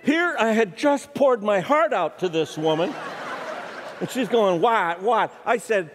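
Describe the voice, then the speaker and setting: Joking preacher in a reverberant church. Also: male voice, sits high, a little slow. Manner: storytelling, animated, jokes with the audience. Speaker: guest preacher. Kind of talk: humorous sermon.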